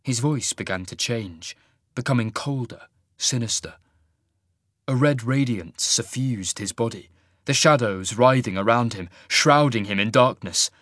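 A man reading fantasy fiction as an audiobook narrator in a measured, even way. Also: mid-range voice, dry recording, clean studio sound.

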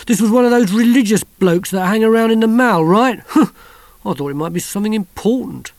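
A man's voice: high-pitched, moderate pace, a little mellow, dry recording, voice pushed up. A man reading aloud, voicing a dismissive, blustering teenage boy. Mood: scornful.

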